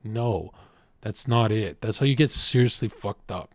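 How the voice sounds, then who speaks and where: A man streaming, telling brash, profane stories in an animated rant. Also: lowish voice, a little slow, no room sound. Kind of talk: livestream rant.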